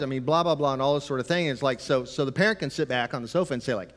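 A male pastor delivers a conversational sermon at a middle pitch. His voice rings with a long reverb, as in a big church hall. He presses points with emphasis, then drops to a quiet, low tone. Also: rapid-fire, hardly any pauses.

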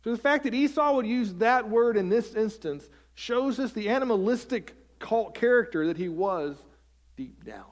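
A man, the pastor, preaching a sermon in church, animated, swinging between loud emphasis and hushed, quiet asides and asking rhetorical questions. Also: high voice, moderate pace. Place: church sanctuary.

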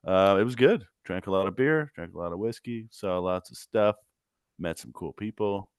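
Male co-host, low deep voice, dry humor, casual podcast chat, close dry mic. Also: normal speed, clean tone, no echo. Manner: dry, joking, relaxed storyteller. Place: podcast studio.

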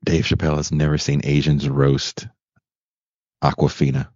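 A man hosting a podcast, chatting casually and telling animated, joking stories. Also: rumbling low, moderate pace, dry recording. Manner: animated, laughing, storytelling. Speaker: podcast host. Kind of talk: casual chat. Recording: dull lo-fi sound.

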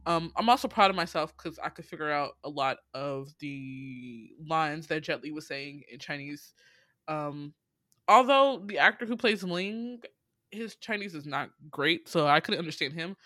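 A young adult podcaster talks through a movie plot in a loose, rambling way, with plenty of swearing, fillers and bursts of laughter. The voice sits at a middle pitch and is recorded up close with almost no room sound. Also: animated, normal speed, bright, forceful tone, dry recording. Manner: swears freely, laughs often, quotes characters; rambling, many fillers and asides. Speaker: film recap podcaster. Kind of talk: casual profane movie recap.

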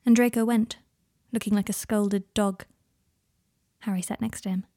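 Soft-voiced woman reading a story. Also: mid-range voice, fairly even intonation, normal speed, no echo, clean studio sound. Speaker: fan fiction reader. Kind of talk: audiobook narration.

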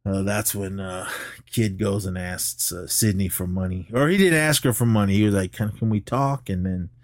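Podcast co-host, male, easygoing and animated movie recap, laughs a lot, dry close mic. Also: moderate pace, no room sound. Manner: animated retelling, jumps up in pitch when quoting characters; laughs often while talking.

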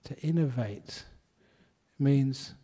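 A man's voice: mid-range voice, very slow, dark tone. A man, a Buddhist monk, giving a humorous dharma talk in a chatty way and laughing at his own stories.

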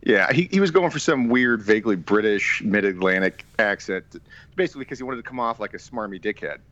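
An animated man hosts a casual film podcast. His pitch moves a lot as he talks and keeps the conversation going. The sound is dry and a little dull. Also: a little fast, dry recording. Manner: animated, steers the discussion. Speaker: podcast host.

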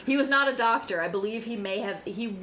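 Here the other podcast co-host, also a young adult woman, speaks fairly quickly in a slightly high, somewhat bright voice. She chats casually and candidly, wandering through her points and swearing now and then over faint background noise.

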